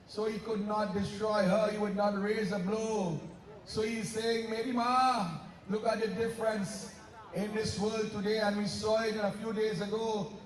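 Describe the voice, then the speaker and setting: A man's voice: sits high, roomy sound, distant mic, a little hiss or hum, low-quality recording. A man with a Trinidadian accent narrates a devotional story to devotees at a festival, breaking into sung chants. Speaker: Ramleela narrator. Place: outdoor festival stage.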